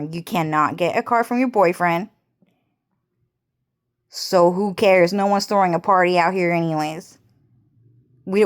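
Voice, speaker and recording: Speaking to the camera, a young woman vlogger delivers a rambling, agitated monologue about her personal life. Her voice sits on the low side, and she swears heavily and keeps repeating herself.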